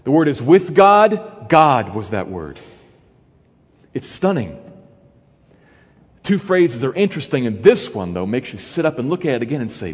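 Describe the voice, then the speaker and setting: Male Bible teacher, earnest and emphatic, lively pitch, husky tone, long hall reverb. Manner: earnest, emphatic, pauses between phrases.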